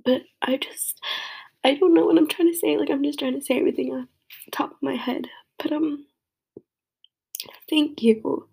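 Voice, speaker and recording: A woman's voice: high-pitched, fairly even intonation, normal speed, creaky, long pauses, warm tone. A young woman crying as she gives a rambling, heartfelt tribute to a friend. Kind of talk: emotional personal tribute.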